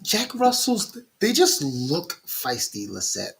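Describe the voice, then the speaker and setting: A woman's voice: deep voice, huge pitch swings, slow, gravelly. A woman co-host in a casual chat, making playful, teasing interjections.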